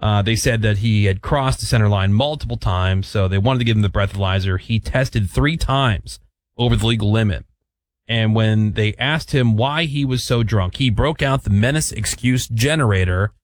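A man's voice: on the low side, normal speed, no room sound. A middle-aged man hosting a radio show, telling news stories in casual banter with co-hosts. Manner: storytelling, animated when quoting others.

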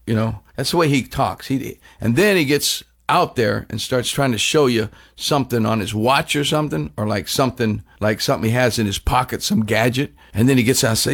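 A man hosting a rock countdown on the radio, telling loose, animated stories full of restarts. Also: medium pitch, fairly quick, hardly any pauses. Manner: rambling, animated storytelling with frequent restarts. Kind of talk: casual radio chat.

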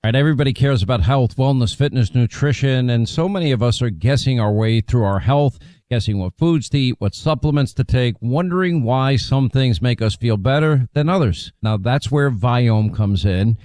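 Mellow male voice reading an ad. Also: mid-range voice, normal speed, no echo, clean studio sound. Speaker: radio host reading an ad. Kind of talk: read advertisement.

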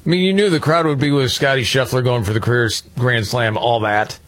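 A man co-hosting a talk radio show, telling sports stories in an animated, excitable way. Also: mid-range voice, brisk, no room sound. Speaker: radio co-host. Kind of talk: casual talk radio banter.

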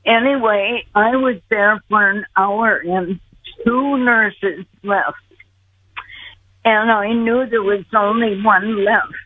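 An older woman telling a personal story slowly and earnestly, calling in to a show. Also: medium pitch, fairly even intonation, slightly rough. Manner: earnest, acts out her own pleas. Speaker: guest recounting near-death experience. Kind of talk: slow storytelling. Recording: tinny phone line.

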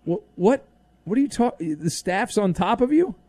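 A man's voice: high-pitched, lively intonation, moderate pace, warm tone, no echo. A man hosting sports talk radio, playful and teasing as he takes calls and reads the news.

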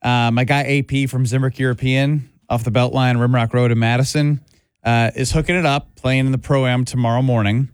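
A man's voice: medium pitch, fairly even intonation, normal speed, smooth, no room sound. A man hosting sports radio, talking in a loose, rambling way with lots of fillers. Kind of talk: casual sports talk.

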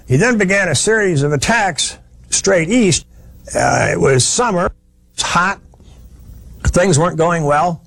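A man's voice: high voice, lively intonation, measured pace, vocal fry, long pauses, fairly bright tone, no echo. A man giving a history lecture, telling it as a plain-spoken, folksy story with frequent restarts.

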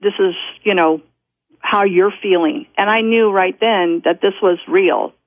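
A woman guest, heard through a telephone on a tinny phone line, speaks in an unhurried, mid-range voice with no echo. Her personal story rambles and interrupts itself, and she often breaks into laughter.

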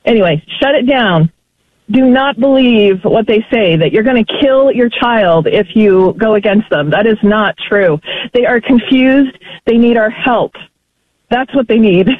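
A woman's voice: a little high, animated, a little slow, no echo. A woman caller on a radio talk show comes through a thin, tinny phone line with no room sound. She talks emphatically and animatedly and breaks into laughter often.

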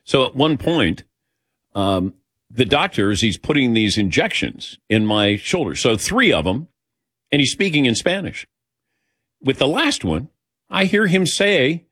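A man's voice: medium pitch, lively intonation, measured pace, pauses often, fairly bright tone, no echo, studio quality. A man hosting a sports talk show, telling anecdotes in a casual way and acting out the dialogue. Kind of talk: casual radio show storytelling. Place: radio studio. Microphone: studio microphone.

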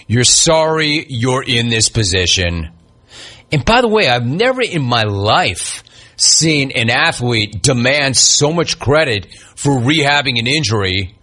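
A man's voice: mid-range voice, sharp tone. Ranting sarcastic sports radio man. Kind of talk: heated sports talk monologue.

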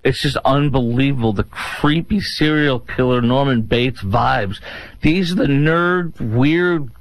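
A man's voice: medium pitch, slow, dry recording, poor audio. A man hosting a talk show, giving sarcastic, mocking commentary on clips.

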